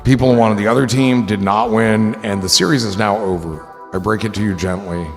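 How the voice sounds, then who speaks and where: A man's voice: fairly low pitch, steady tone, fairly quick, long reverb tail, faint music behind. A man hosting a livestream in casual chat, rambling and joking with a loose, swearing manner. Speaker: livestream host.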